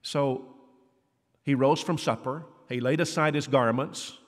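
A man delivering a conversational sermon as preacher, acting out quoted dialogue with lively shifts in voice. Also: unhurried. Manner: conversational, acts out quoted dialogue with rising pitch. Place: church hall. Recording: long church reverb.

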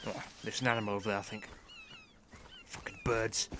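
A man giving comedic in-character commentary over a video game, swearing constantly and breaking into sudden excited outbursts. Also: fairly low pitch, fairly quick, noisy background. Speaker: gameplay commentator.

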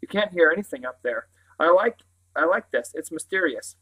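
A man's voice: a little high, animated, moderate pace, a bit bright, poor audio. A man reading a solemn young boy in a children's story. He talks seriously about mysterious things.

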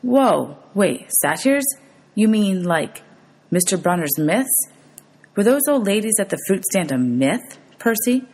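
A woman's voice: medium pitch, very animated, unhurried, a little mellow, slightly rough, pitched above the performer's own voice, full character voice. A woman reading as a bewildered teenage boy. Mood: incredulous. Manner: rising, incredulous questions.

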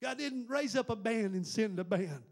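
A pastor preaches in a strikingly high voice. He piles up fervent rhetorical questions to his congregation in the church. It is a classic revival-style sermon. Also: expressive, moderate pace. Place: church building before a congregation.

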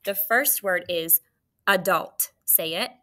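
An adult woman teacher gives a recorded phonics lesson, dictating slowly and prompting her students with questions. Her voice is fairly low in pitch, pushed and bright.

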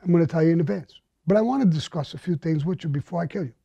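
A tough man tells a gritty story in a blunt, menacing, heavily profane way. His voice sits a little high yet sounds dark and mellow, captured dry and dull on a lo-fi recording. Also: very fast, creaky, breathy edge, dry recording. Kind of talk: recounting a crime story.

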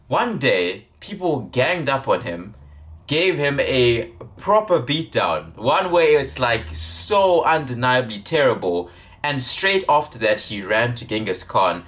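Brief: young man, mid-pitched, self-improvement vlogger, emphatic storytelling with deliberate repetition. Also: big pitch swings, fairly bright tone. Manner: emphatic, repeats words for stress. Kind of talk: motivational storytelling.

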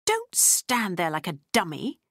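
A woman narrator voicing an angry, harsh-tempered woman who shouts and scolds in a loud, raised voice. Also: fairly high pitch, big pitch swings, moderate pace, no echo, studio quality, pitched above the performer's own voice. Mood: impatient. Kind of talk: audiobook character voice.

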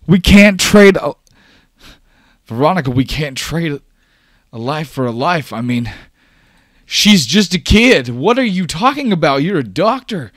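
A man voicing Oscar, a distraught man who pleads and shouts in a high, strained voice. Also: very animated, a little slow, long pauses, no room sound, studio quality, full character voice. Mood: frantic. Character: frantic distraught man, raised voice.

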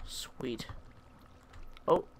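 Very slow and a little mellow, a man's voice provides casual commentary over his gameplay, chatty and mock-sorry for himself as he speaks to the game's creatures. Slight background noise is audible.

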